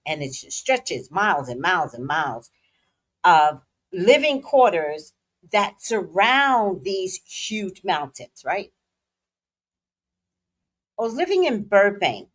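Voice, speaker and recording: A middle-aged woman hosting a casual livestream, playful and dramatic with slangy asides. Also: deep voice. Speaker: psychic livestream host.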